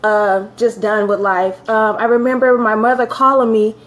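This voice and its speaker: A woman's voice: a little high, little pitch movement, normal speed. A woman from California giving an earnest personal testimony, holding back tears and repeating phrases for emphasis.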